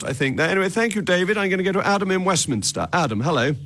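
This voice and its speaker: A man's voice: sits high, expressive, fast talker, few pauses, fairly bright tone. A male radio phone-in host, clipped and dryly sarcastic, with a polite manner toward his callers.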